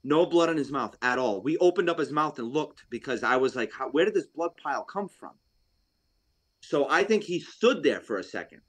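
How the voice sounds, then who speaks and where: A man from Rhode Island telling a hunting story on a podcast in a casual, animated way, acting out what people said. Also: a little high, moderate pace. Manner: animated, acts out quotes, laughs often. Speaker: podcast guest, deer hunter.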